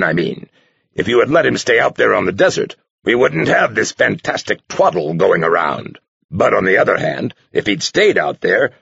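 A man voicing a gruff, sarcastic older abbot who roars and growls. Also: mid-range voice, fairly bright tone, dry recording, dull audio, voice pushed up, full character voice. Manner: roaring, growling, mocking.

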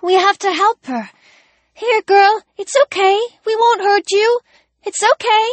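A woman voicing an excitable little girl. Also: very high-pitched, a little slow, no echo, pitched above the performer's own voice. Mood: worried. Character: chatty young girl, eager and excitable.

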